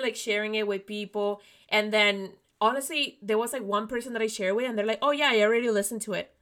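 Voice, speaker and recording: A young woman hosting a podcast in casual chat, excitable, swearing freely and saying "like" all the time. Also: medium pitch. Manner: excitable, swears a lot, says "like" constantly. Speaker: podcast host.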